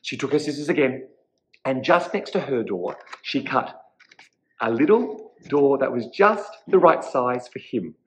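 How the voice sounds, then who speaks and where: A man, a teacher reading a children's story aloud in an animated, expressive way. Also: medium pitch, a little slow, rough recording.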